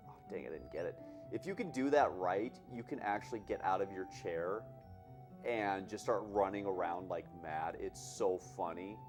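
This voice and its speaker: A man with a lowish voice rambles through casual commentary while playing a game. He is chatty and pokes fun at himself, and faint game music sits underneath. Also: lively intonation, normal speed. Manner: chatty, laughs often, self-mocking. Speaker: game runner at a charity marathon.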